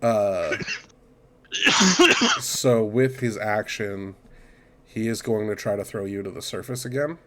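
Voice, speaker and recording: A man's voice: lowish voice, slow, pauses often, slight background noise. A man running a tabletop game as game master, joking and swearing casually. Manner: relaxed and joking, swears and laughs.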